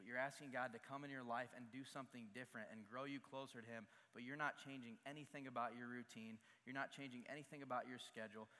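A young man delivers a sermon in a bright, forceful voice that carries through a large church hall with a long reverb tail. He speaks in an earnest, confessional way and builds to emphatic peaks. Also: medium pitch. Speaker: pastor.

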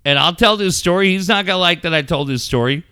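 A middle-aged man hosting a podcast, telling a story in casual, profane talk that rises into shouting. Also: sits high, fast talker, clean tone, no room sound, clean studio sound. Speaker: podcast host.

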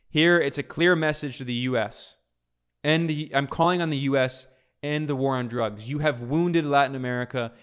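A man's voice: mid-range voice, moderate pace, fairly bright tone, smooth. A man hosting a political commentary video, reading out a speech and explaining it, emphatic and repeating key phrases for stress.

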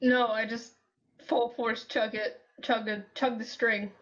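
A woman's voice: on the high side, little pitch movement, takes it slowly, a bit bright, muffled recording. A woman guest chatting casually on a podcast, rambling and swearing freely as she answers questions. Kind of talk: casual chat.

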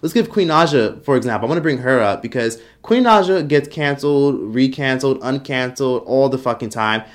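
A young man ranting to camera in a blunt, profane commentary, mocking people with quick impressions. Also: medium pitch, animated. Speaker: commentary YouTuber. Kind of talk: opinion rant to camera.

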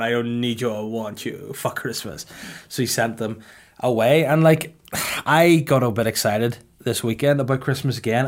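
Male podcast host, 30s, deadpan and teasing, mid-range voice. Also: mid-range voice. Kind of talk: casual podcast chat.

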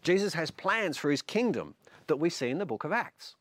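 A man delivers a sermon in a fairly high voice with a lot of movement in his pitch. He tells stories with animation and light humour. The sound is close and dry, with no room echo. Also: sing-song, normal speed, a bit bright. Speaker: preacher.

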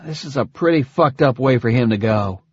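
Dude doing a sarcastic gruff soldier guy, lively swings, a bit husky, dull dry sound. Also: mid-range voice, normal speed, no echo. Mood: sardonic. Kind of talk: audiobook character voice.

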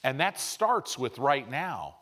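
This middle-aged pastor speaks slowly but very animatedly, his medium-pitched voice a bit bright. His sermon is conversational, full of "right?" tags as he checks in often with the congregation.

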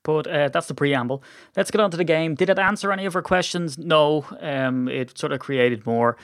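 A man's voice: fairly high pitch, normal speed, no room sound, clean studio sound. A man with an Irish accent hosting a casual sports podcast, rambling and self-deprecating with lots of fillers. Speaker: podcast host. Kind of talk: casual chat.

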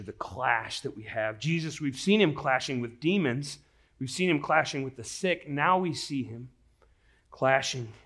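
A man preaching a sermon, moving from a quiet, earnest prayer into lively storytelling to his congregation. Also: mid-range voice. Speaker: pastor.

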